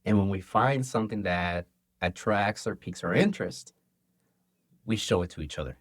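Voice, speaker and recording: Restaurant owner, man with a lowish voice, animated storyteller, dry close sound. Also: fairly quick, no echo. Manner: animated storyteller acting out dialogue. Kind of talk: casual interview chat.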